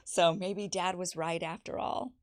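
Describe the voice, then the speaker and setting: A woman's voice: on the low side, steady tone, a little slow. Chatty woman hosting a birthday livestream. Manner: chatty, laughing, teasing asides, reads viewer messages aloud. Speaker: show host. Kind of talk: casual birthday livestream chat.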